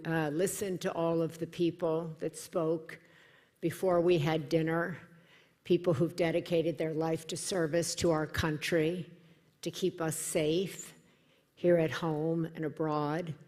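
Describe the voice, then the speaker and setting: A middle-aged American woman giving a heartfelt personal speech at a dinner event, earnest and grateful, becoming animated when she recounts a story. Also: low voice, slow. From United States. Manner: warm, earnest, animated when quoting others. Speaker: event speaker. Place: large hall at a dinner event. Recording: hall reverb in a large room.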